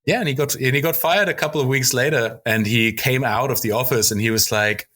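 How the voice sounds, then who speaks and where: A man's voice: medium pitch, brisk, few pauses, sharp tone. A man co-hosting a podcast in casual chat, telling stories loosely with lots of "like" fillers and swearing. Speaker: podcast co-host.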